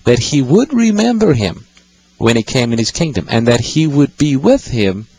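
Man, husky voice, radio Bible host, patient explanations, call-in show. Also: mid-range voice, sing-song, normal speed, a little mellow, no echo, poor audio. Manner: explanatory, patient, answers callers with scripture.

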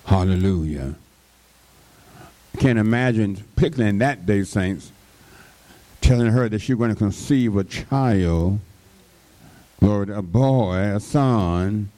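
A man's voice: fairly low pitch, slow, long pauses, warm tone. A man preaching a sermon, drawing out his words and breaking in with frequent call-and-response interjections to the congregation.

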